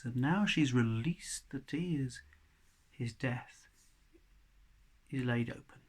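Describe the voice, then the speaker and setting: Male storyteller, oral folk tale, dramatic, loud to hushed whisper. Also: medium pitch, slow pace, pauses often, slightly rough.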